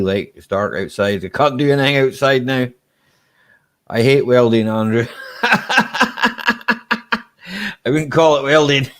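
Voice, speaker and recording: Easygoing Scottish man, lowish voice. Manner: relaxed and chatty, ends lines with "eh?"; laughs easily. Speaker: live-stream host. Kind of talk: casual live-stream chat reading viewer comments.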